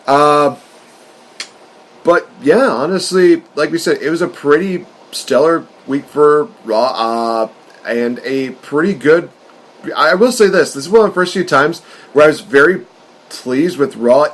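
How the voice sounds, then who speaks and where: A man co-hosting a podcast, talking in an excitable, rambling way and laughing often. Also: mid-range voice. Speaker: podcast co-host. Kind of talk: casual wrestling chat.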